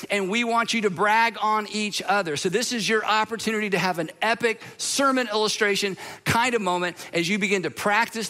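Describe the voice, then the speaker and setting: A man's voice: sits high, sharp tone. A middle-aged man preaching a sermon to his congregation in a conversational, self-deprecating storytelling manner, dropping to a near-whisper when quoting scripture. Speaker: pastor.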